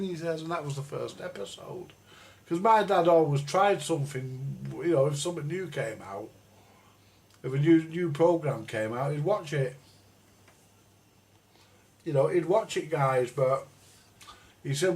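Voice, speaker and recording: A man's voice: on the high side, expressive, a little slow, pauses often, a little mellow. A middle-aged man, ranting and rambling bluntly on a live stream, full of swearing. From England. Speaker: livestream host. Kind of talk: casual ranting chat. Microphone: live stream microphone.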